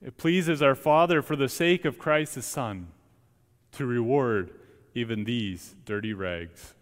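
A young man, a student preacher, delivering an earnest, emphatic sermon with deliberate pauses in a church. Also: mid-range voice. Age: young adult. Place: church sanctuary. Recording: long church reverb.

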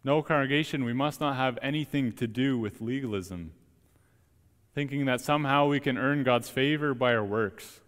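A young man, a student preacher, delivering an earnest, emphatic sermon with deliberate pauses in a church. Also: medium pitch, a bit bright. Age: young adult. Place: church sanctuary. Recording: long church reverb.

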